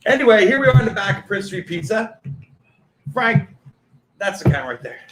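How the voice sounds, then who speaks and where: Upbeat high-voiced man hosting live. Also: sing-song, fairly quick. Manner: upbeat, joking. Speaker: host. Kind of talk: live remote interview. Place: back room of a pizzeria under construction. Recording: echoey room with construction noise.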